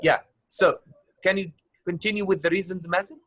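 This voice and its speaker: Male teacher, slightly high voice, dry close sound over a video call. Repeats and rephrases questions, lots of uhs, affectionate with students. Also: fairly even intonation, normal speed, no echo. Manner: warm, calls students love. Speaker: English teacher. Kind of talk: online class discussion.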